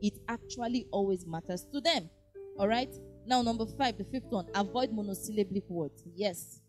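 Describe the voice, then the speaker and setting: Animated woman preaching, mellow voice. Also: mid-range voice, moderate pace, soft background music. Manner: animated, acts out dialogue, frequent "praise God". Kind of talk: lively sermon teaching.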